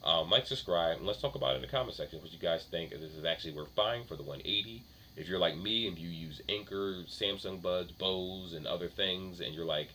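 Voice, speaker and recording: A man's voice: low voice, a little fast, pushed and bright, a little hiss or hum. A man talking casually in a tech vlog, chatty and offhand, often correcting himself. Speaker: tech vlogger.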